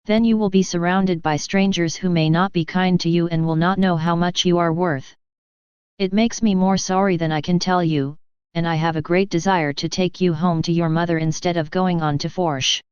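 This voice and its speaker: An earnest young ox driver from an old storybook, troubled and pleading, read by a woman. The voice is low and very smooth. The sound is dry and a little muffled. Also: fairly even intonation, normal speed, darkish tone, no room sound, natural voice.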